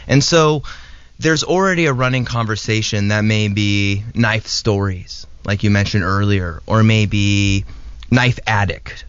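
A man's voice: lowish voice, unhurried, fairly bright tone, smooth, dry recording. A man who is a knife maker, a guest on a show, explaining things steadily step by step in casual talk. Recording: dull lo-fi dry recording.

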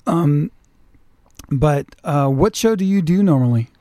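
Halting, filler-heavy radio host man. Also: fairly high pitch, expressive, mellow, no room sound, clean studio sound. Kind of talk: casual chat. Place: radio studio.

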